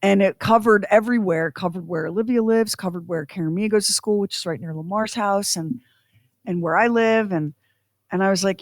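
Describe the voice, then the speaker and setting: A middle-aged woman talks earnestly on a radio show, her thoughts running on from one to the next. Her voice sits at a middle pitch and is recorded close and dry on a studio microphone. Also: fairly quick, no room sound. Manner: earnest, heartfelt, speaks in run-on sentences. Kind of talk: casual talk show chat.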